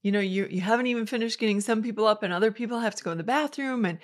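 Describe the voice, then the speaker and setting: A woman's voice: mid-range voice, very fast. Chatty woman hosting a faith podcast. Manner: upbeat, chatty, storytelling. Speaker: host of a Christian devotional podcast. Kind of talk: conversational devotional talk.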